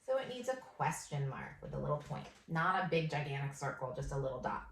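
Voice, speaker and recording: A woman's voice: sits low, sing-song, slight background noise. Young woman teaching first graders, sing-songy and encouraging, roomy echo. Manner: slow, drawn-out dictation of sentences. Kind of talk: remote phonics lesson. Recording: echoey room.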